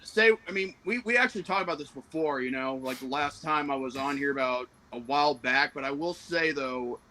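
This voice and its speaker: Southern guy on a stream, slight accent, bright voice, lots of uh and you know. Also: medium pitch, fairly quick, poor audio. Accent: light Southern American. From American South. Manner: hesitant, many fillers and restarts. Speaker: guest and stream moderator. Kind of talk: casual livestream chat.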